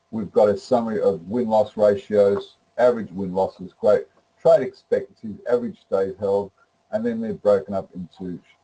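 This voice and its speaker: Dark husky-voiced man demoing software. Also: on the low side, low-quality recording. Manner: rambling, with many fillers and restarts. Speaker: presenter demonstrating trading software. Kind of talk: live webinar demonstration.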